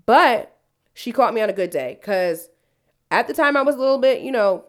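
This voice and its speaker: A woman's voice: on the high side, animated, moderate pace. Profane woman podcast host ranting. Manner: profane, heated storytelling rant. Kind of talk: casual storytelling chat.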